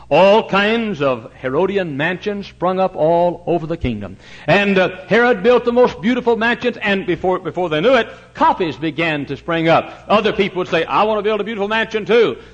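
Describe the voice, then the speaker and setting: Fiery preacher guy, fairly high voice, rises to pleading then drops quiet, muffled lo-fi tape. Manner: fervent, swings from loud pleading to hushed; old-fashioned revival preaching cadence. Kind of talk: sermon. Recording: muffled lo-fi recording.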